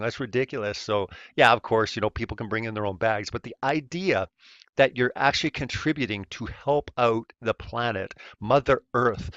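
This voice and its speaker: A man's voice: mid-range voice, normal speed, fairly bright tone, no room sound. Guy hosting a vlog, sarcastic and mocking, dry dull lo-fi sound. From Canada. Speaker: host. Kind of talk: casual commentary video. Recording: dull lo-fi recording.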